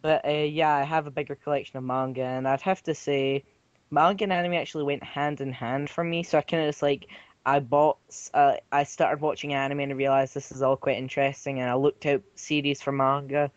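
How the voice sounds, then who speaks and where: A man chatting casually about manga and anime with friends, now and then breaking into loud mock voices. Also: fairly even intonation, a little fast, clear, resonant tone, no room sound, highs cut off. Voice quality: slips into loud high-pitched mock voices. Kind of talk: casual chat.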